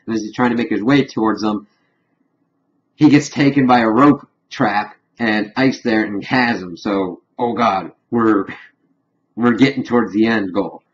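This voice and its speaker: A man reviewing a cartoon episode in a casual spoken recap, retelling it animatedly and dipping quiet then loud. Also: fairly low pitch, takes it slowly. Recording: dull lo-fi with faint hum.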